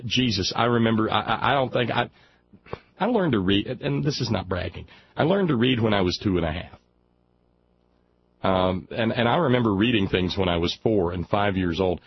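A man with a fairly low voice, from Alabama, hosts talk radio and reads a news story aloud, cutting in with mocking sarcasm as sardonic commentary. The audio sounds dull, with a little hiss or hum.

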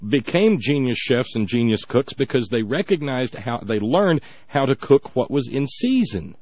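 A man hosting casual political talk, wry and thoughtful, who tells stories with pauses and fillers, on slightly muffled audio. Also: mid-range voice, big pitch swings, no room sound.

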